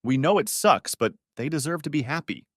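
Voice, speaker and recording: A man voicing a calm, conciliatory friend who tries to smooth things over in a storybook reading. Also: fairly high pitch, brisk, dry recording, studio quality, voice pushed up. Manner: soothing, conciliatory.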